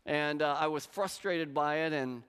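A man's voice: fairly high pitch, a little slow, clean tone. A middle-aged male pastor preaching a sermon, telling stories and acting out the lines of the people in them. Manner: storytelling, animated, acts out quotes. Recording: long hall reverb.

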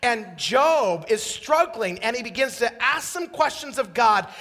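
A middle-aged male preacher from Idaho giving a passionate sermon, swinging from quiet confession to shouted exclamation. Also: very high voice, lively intonation, a little slow, big-room sound.

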